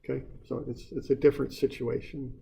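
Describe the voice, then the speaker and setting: A man's voice: medium pitch, flat delivery, fairly quick, creaky, warm tone, husky, low-quality recording. A man teaching an engineering class in an informal way, often repeating words and putting questions to the students. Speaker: engineering instructor. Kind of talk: classroom lecture.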